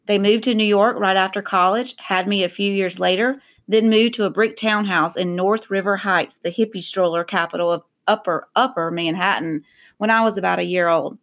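A woman reading a novel aloud in a steady, even narration. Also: medium pitch, moderate pace. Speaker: reader.

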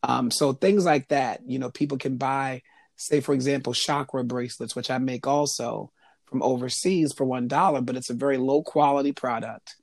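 A man speaking as an interview guest, answering thoughtfully and pausing often to find his words. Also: mid-range voice, steady tone, gravelly, dry recording. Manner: thoughtful, halting with frequent ums. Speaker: interview guest, jewelry maker. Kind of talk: conversational interview.

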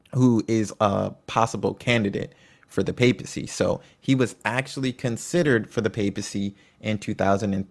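A middle-aged man with a low, gravelly voice gives an informal lesson. He reads from prepared notes and breaks off into casual, chatty remarks. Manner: reads notes then adds chatty asides. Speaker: lecturer. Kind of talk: casual educational talk.

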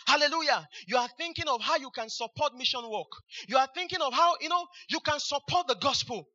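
Male pastor, very high and bright, hallelujah-heavy sermon delivery, on a dull lo-fi recording. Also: animated, brisk, few pauses. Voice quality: frequent hallelujahs, repeats phrases for emphasis.

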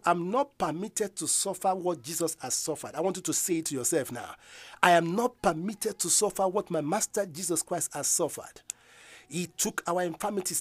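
Husky preacher man, fiery sermon. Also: sits high, no room sound. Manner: emphatic, repeats declarations, rises to loud proclamations.

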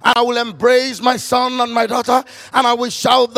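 A man preaching a fervent sermon, quoting scripture in old-style phrasing and breaking into shouts. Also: very high voice, fairly even intonation, normal speed, vocal fry, hardly any pauses.

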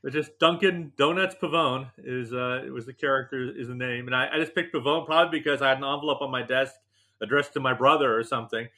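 Bright-voiced joking male author. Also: medium pitch, quick pace. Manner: animated, joking, self-deprecating. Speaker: novelist and TV writer, guest. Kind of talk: interview, anecdotal storytelling.

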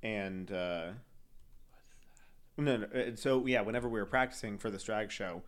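A man's voice: on the low side, moderate pace. A giggly man chatting on a podcast, wandering through his stories with plenty of "like" and "uh" along the way. He keeps breaking into laughter as he talks, in a loose, casual tone. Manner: giggly, rambling, many fillers and laughs. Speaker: podcast co-host. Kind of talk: casual chat.

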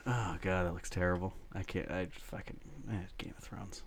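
A man's voice: low voice, steady tone, normal speed, a little hiss or hum. Rambling, swearing podcast guy. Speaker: podcast co-host. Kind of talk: casual podcast chat.

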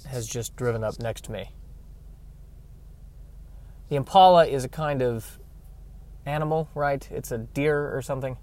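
A man's voice: mid-range voice, measured pace, long pauses, darkish tone, slight background noise. A man hosting a solo podcast from his car, rambling in a wry, self-deprecating way. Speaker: podcast host. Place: in a car by a street.

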